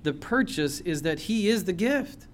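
High-pitched impassioned preaching man. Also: expressive, unhurried. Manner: impassioned preaching with swings from loud to low. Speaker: pastor. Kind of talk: sermon. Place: church.

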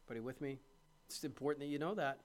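A man's voice: mid-range voice, racing. A man preaching a sermon in a conversational way, building to emphatic peaks. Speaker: pastor.

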